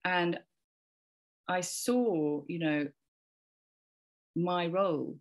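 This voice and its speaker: She talks extremely slowly in a lowish voice. A podcast guest from England in her forties, she relates a rambling, heartfelt parenting story in a casual chat, repeating words often and quoting herself as well as others.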